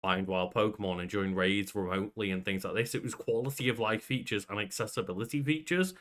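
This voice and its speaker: A man's voice: fairly low pitch, a little fast, fairly bright tone. A man co-hosting a casual podcast, chatty, laughing often and swearing offhand. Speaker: podcast co-host. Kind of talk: casual chat.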